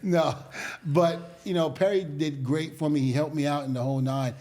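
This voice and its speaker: Laughing, animated male storyteller. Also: fairly high pitch, moderate pace. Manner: animated storyteller, acts out quotes, laughs often. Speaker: guest, former wrestler. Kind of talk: storytelling interview.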